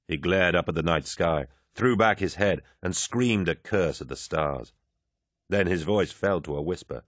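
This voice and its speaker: Deep-voiced male audiobook narrator. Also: normal speed, no room sound, clean studio sound.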